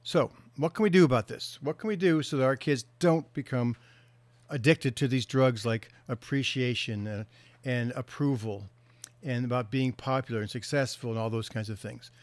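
A man's voice: mid-range voice, dry recording. Earnest male counselor, dry close sound. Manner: earnest storytelling, slows for emphasis. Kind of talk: motivational talk.

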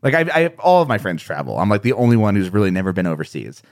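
A man's voice: fairly low pitch, very animated, fast talker, dry recording, studio quality. Rambling, laughing male podcast guest. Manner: rambling, self-deprecating, laughs often. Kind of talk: conversational interview.

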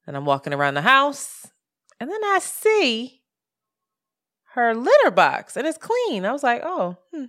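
A woman co-hosting a casual podcast, telling a story in an animated way with sudden jumps in pitch and plenty of swearing. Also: unhurried, pauses often. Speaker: podcast co-host. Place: apartment in Brooklyn, street sirens outside.

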